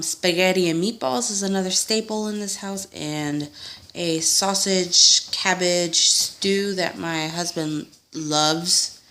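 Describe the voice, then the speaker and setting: A woman's voice: fairly low pitch, fairly bright tone. A young woman at home, chatting casually through a tag video, full of fillers and little laughs, acting out what people said. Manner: chatty, lots of fillers and laughs, acts out quotes. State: sick. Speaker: vlogger.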